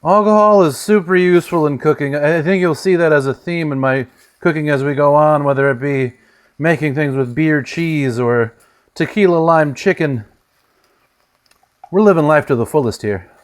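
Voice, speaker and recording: This man's smooth, slightly high voice moves at a moderate pace as he runs a casual cooking demo at home. His banter is playful, with his volume rising and dropping as he sometimes strays from the mic.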